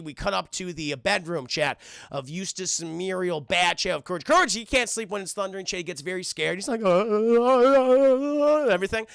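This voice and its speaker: A man's voice: sits high, vocal fry, bright, forceful tone, no echo, clean studio sound. A man streaming a casual cartoon recap, swearing freely and talking to his chat. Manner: profane, keeps addressing chat.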